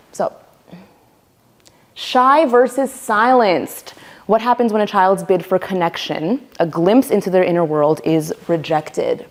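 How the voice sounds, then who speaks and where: A woman teaching a voice workshop, lively and playful, acting out the voices she quotes. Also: fairly low pitch. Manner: animated, acts out quoted voices. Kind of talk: workshop lecture.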